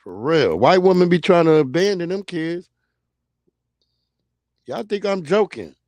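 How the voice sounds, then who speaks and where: A man rants and tells stories on a livestream in an animated, profane, comedic way. His voice sits high for a man and swings widely in pitch. The sound is dry and close. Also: a little slow, dry recording. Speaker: livestream host. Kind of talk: casual comedic rant.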